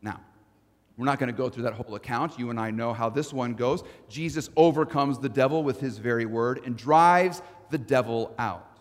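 A man preaching a sermon as pastor, swinging from loud to hushed. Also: medium pitch, moderate pace. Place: church sanctuary. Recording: long church reverb.

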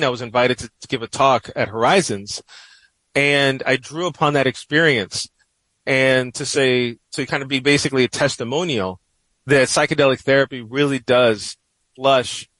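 A man's voice: medium pitch, sharp tone, no room sound, poor audio. Middle-aged New York man recalling, dry close sound. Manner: reflective, frequent "you know" fillers, restarts. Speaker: interview guest, professor and writer. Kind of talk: personal storytelling in conversation.

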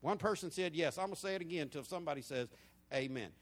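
High-voiced preacher in his fifties. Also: fast talker. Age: 50s. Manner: animated storytelling preaching, swinging between loud and hushed. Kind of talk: sermon.

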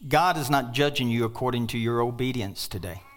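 An older man preaching a sermon as pastor, emphatic, with sudden loud outbursts and joking asides. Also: mid-range voice, a little fast.

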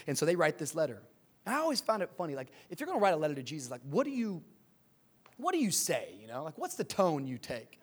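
A man in his thirties preaching a sermon, moving between quiet, conversational asides and loud, shouted build-ups, with playful jokes. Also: a little high, big pitch swings, fast talker. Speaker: pastor.

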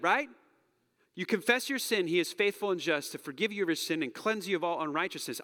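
A man's voice: high-pitched, big-room sound. A man preaching a sermon in a casual, conversational way, acting out the quotes he reads. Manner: animated, conversational, acts out quotes, drops to soft near-whisper. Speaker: pastor.

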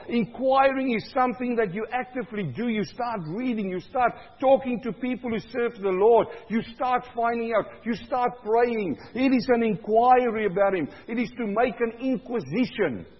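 High-voiced husky preacher in a hall. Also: male voice, lo-fi sound. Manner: swings between loud cries and low, quiet stretches. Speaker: pastor. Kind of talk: sermon.

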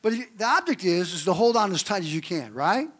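A man's voice: high voice, quick pace. A male pastor preaching a sermon, telling stories and asking the congregation questions. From Great Lakes region of the US. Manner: animated storytelling preacher, asks the congregation questions. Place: church.

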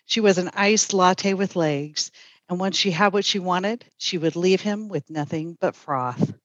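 A woman poet on a radio show, chatting with many fillers and then reading a poem in a smooth, deadpan way. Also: fairly low pitch, measured pace, dry recording, muffled recording. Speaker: poet, festival guest. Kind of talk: casual radio chat and poetry reading.

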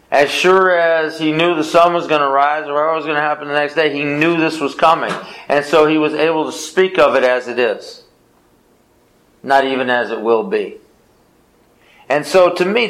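A man teaches a small Bible study group in a fairly high voice. He stresses his points by repeating phrases, restarting his sentences and asking questions that he answers himself. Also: a bit bright, rough recording. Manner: repetitive, emphatic, answers his own questions.

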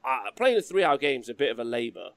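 A man hosts a casual hobby chat stream, talking in a loose, chatty way with frequent laughs. His voice sits mid-range in pitch. The sound is dry and close, with no room around it. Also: big pitch swings, quick pace, gravelly, no room sound. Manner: chatty, laughing asides, reads donations. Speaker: livestream host.

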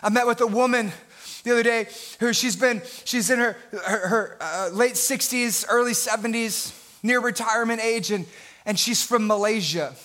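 A man's voice: extremely high pitch, normal speed, bright, forceful tone. A male pastor preaching a sermon with passion, building his points through repeated phrases.

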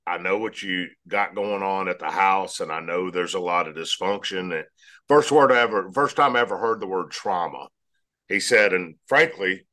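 Man, low voice with a forceful edge, earnest guest storyteller. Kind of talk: storytelling interview answer.

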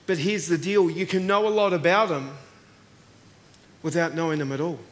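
An Australian man delivers a sermon, warm and casual, slipping into acted voices as he tells stories. His voice sits high for a man. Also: moderate pace, a little hiss or hum. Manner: animated, acts out voices in anecdotes. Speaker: preacher. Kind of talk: sermon with storytelling.

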